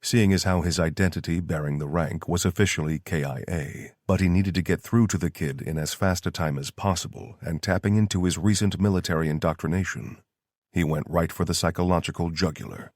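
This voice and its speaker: A man reading an audiobook in steady, scripted narration. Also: deep voice, brisk, no room sound, clean studio sound.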